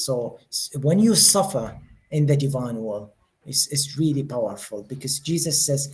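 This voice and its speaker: A man's voice: mid-range voice, animated, normal speed. A man giving a spiritual teaching to a live group in a session room, earnest and often repeating words as he searches for the phrasing. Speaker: religious teacher. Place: study day session room with listeners.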